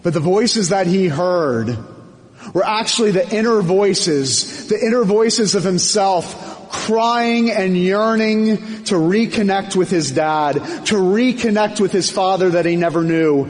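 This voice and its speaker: A man preaching a sermon as pastor, impassioned and building in emphatic runs. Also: unhurried. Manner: impassioned, swelling louder and higher in emphatic runs. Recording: long hall reverb.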